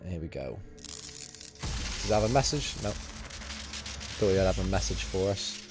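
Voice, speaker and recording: A man's voice: low-pitched, sing-song, slow pace, long pauses, music in the background. A young man co-hosting a let's play, cracking cheeky, boisterous jokes in casual gaming chat.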